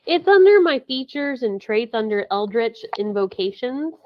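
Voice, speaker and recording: A woman's voice: on the high side, sing-song, moderate pace, dry recording, dull audio. Giggly woman tabletop player. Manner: chatty, giggly. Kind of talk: casual tabletop play.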